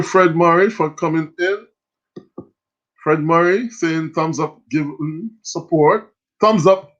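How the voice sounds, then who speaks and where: A Jamaican man runs a live quiz show, teasing the players and reading out viewer comments. His voice sits a little high, and the stream audio is muffled and lo-fi. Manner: animated, joking, reads chat comments aloud. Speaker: quiz host.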